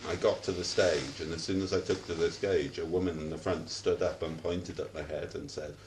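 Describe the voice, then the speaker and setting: A man's voice: low voice, fairly even intonation, brisk. A man with a strong Welsh accent, a comedian guest chatting in a camp, sweary way. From Wales. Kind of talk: casual chat. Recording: roomy, distant mic, faint noise.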